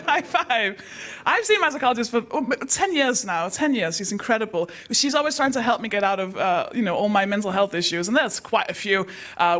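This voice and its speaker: A woman hosting a live storytelling night, telling self-mocking stand-up jokes with punchy deadpan timing. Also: on the high side. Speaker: host and stand-up comedian. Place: live stage before an audience.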